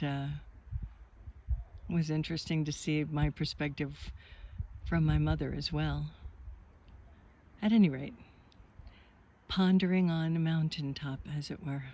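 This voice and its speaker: A woman in her fifties, talking outdoors on a mountaintop in a soft, musing, rambling way as a vlogger. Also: deep voice, fairly even intonation, measured pace, long pauses. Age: 50s. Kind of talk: reflective vlog monologue.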